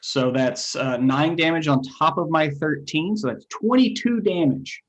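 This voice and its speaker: A man playing a tabletop role-playing game, casually working out damage totals out loud with a relaxed manner. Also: fairly high pitch, measured pace, rough recording. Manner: relaxed, talks through dice math with fillers. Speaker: player.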